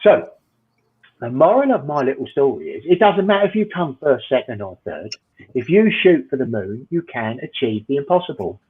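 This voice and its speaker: A man's voice: mid-range voice, sing-song, normal speed, husky. A middle-aged English man doing a dry, rambling, self-mocking stand-up routine. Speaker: stand-up comedian. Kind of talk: stand-up routine over video call. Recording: tinny phone-like line.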